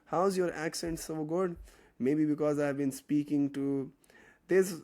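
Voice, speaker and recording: A man's voice: on the high side, steady tone, unhurried, a little mellow. A young man, teaching an online chemistry class in a casual, joking way and answering student questions. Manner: chatty, joking, reads out chat questions. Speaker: chemistry tutor.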